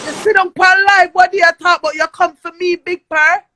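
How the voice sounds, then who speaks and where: A woman, ranting loudly and profanely on a livestream, often close to tears. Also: very high voice, steady tone, fairly quick, few pauses, no room sound. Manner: angry, loud and profane, often near tears. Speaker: live streamer. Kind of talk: heated livestream rant.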